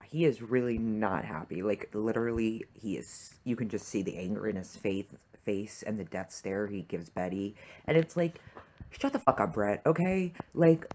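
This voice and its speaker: A young adult fan tears into a TV episode in a swearing, filler-packed rant. The talk is animated and fired up. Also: low-pitched, moderate pace, hardly any pauses, background noise. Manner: profane, heated, full of fillers. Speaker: TV fan reviewer. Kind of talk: reaction rant.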